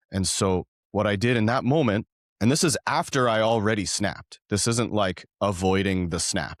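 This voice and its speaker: A man in his thirties, a podcast guest, telling a personal story in an earnest, halting way with many restarts. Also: lowish voice, no room sound, studio quality. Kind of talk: reflective conversational storytelling.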